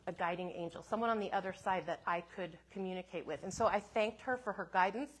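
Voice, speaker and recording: A woman minister telling a personal story in a sermon, in a gentle, reflective way with soft asides. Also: medium pitch.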